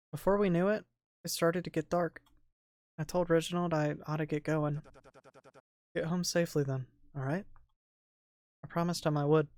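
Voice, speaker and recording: A voice actor voicing a lonely, hurt young woman who narrates her day softly in a visual novel dub. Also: mid-range voice, no echo, close to an everyday voice. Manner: soft, quiet, subdued narration.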